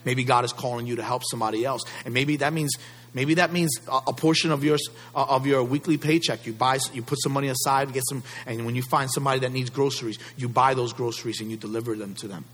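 A man's voice: medium pitch, fairly even intonation, fast, a bit bright, long reverb tail. A man preaching a sermon as pastor, building up with repeated calls to his congregation.

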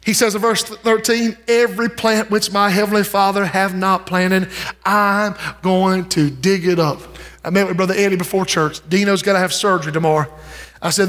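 A man preaching an impassioned sermon as pastor, swinging his pitch and pace and calling out to the congregation. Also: fairly even intonation, moderate pace, fairly bright tone. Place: church sanctuary. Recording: long church hall reverb.

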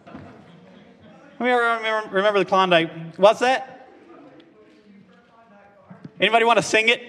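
A man's voice: high voice, normal speed, long pauses, sharp tone. A man giving an informal talk to a live audience through a microphone, speaking conversationally and acting out quoted lines. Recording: dull lo-fi recording.

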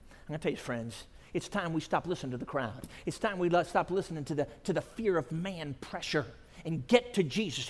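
A man preaching a sermon at a conference, dramatic, dropping to a hush and then rising to shouts. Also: extremely high pitch. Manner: dramatic, swings from hushed to shouting. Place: large conference hall. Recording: long reverb of a large hall.

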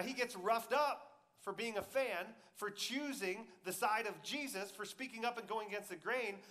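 A man preaching a sermon, swinging between loud emphatic peaks and quiet, intimate asides, and acting out quoted voices in a conversational way. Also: sits high. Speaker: pastor.

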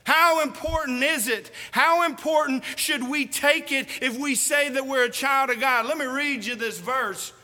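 Male preacher, very high voice, emphatic, folksy, reverberant church hall. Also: unhurried, few pauses, pushed and bright. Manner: emphatic, folksy, asks the congregation questions. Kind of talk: sermon.

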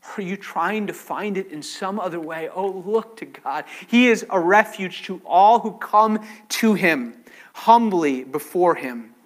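A man preaching a sermon as pastor in a church sanctuary. He swings from loud pleading to hushed, near-whispered lines. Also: high-pitched, measured pace.

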